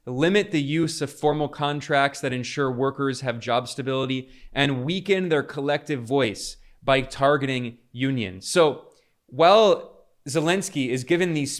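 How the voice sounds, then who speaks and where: A man delivering a polemical political commentary monologue, emphatic, with frequent restarts. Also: mid-range voice.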